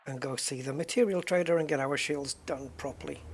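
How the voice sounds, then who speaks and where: A man's voice: medium pitch, a little fast, very noisy. A man hosting a gaming channel, rambling through casual, joking commentary as he plays.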